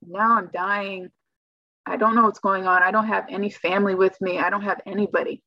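A woman with a mid-range voice and a steady tone tells a personal story as a guest, talking fairly quickly in a casual, rambling way packed with "like" fillers. The recording has no echo but sounds slightly muffled.

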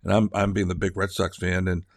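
A man's voice: low-pitched, completely flat delivery, brisk, no echo, studio quality. An older man telling a rambling personal story, chatty and digressive, full of fillers and restarts, acting out voices for comic effect.

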